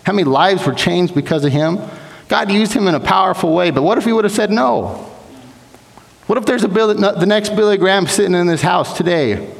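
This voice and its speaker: A man's voice: high voice, animated, fairly quick, gravelly. Earnest young man preaching in a reverberant hall. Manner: earnest, exhorting, with repeated restarts. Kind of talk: sermon. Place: church sanctuary.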